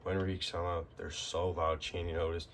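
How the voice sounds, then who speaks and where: A man's voice: low-pitched, level tone, fairly quick, fairly bright tone, slight background noise. A man giving a casual, rambling spoken recap with lots of fillers and restarts. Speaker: wrestling recap host.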